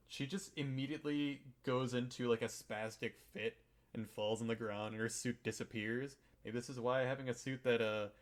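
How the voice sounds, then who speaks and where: Rambling, irreverent man podcast host. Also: mid-range voice. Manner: rambling and irreverent, with frequent swearing and filler words. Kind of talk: casual chat recapping a video game.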